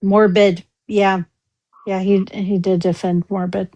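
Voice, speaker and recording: A woman in a casual group discussion, unhurried, with thoughts that trail off. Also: medium pitch, flat delivery, warm tone.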